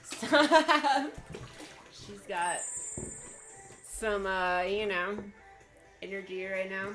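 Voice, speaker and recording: A woman's voice: mid-range voice, a bit bright, soft background music. A woman co-hosting a stream who teases her friend in casual chat and laughs easily. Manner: teasing, quick to laugh. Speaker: stream co-host.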